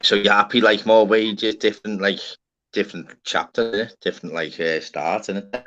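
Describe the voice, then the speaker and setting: A man's voice: lowish voice, steady tone, moderate pace, fairly bright tone. Rambling sweary man. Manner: rambling, sweary, lots of "innit" and "lad". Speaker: livestream host. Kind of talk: casual chat. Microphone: live stream panel, online call. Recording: muffled lo-fi stream audio.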